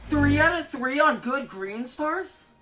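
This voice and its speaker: A woman giving casual gaming commentary, excitable, jokey and swearing a lot. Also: high voice, slow, faint music behind. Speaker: gaming video creator.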